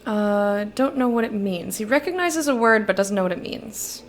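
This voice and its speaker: A woman's voice: mid-range voice, expressive, moderate pace. A young woman talks through a video game in a casual, easygoing stream. She reads the characters' lines aloud and muses between them. She is close to a desk microphone with a faint hiss underneath. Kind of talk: casual let's-play commentary.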